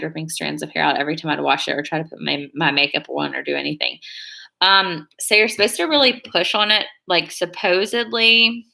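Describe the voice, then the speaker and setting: A young woman chats loosely while she does her nails. Her voice is bright and a bit gravelly, and she rambles and hedges as she talks. She sits fairly low in pitch. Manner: rambling, chatty, hedges a lot. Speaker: beauty vlogger on a live stream. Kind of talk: casual chat while doing her nails.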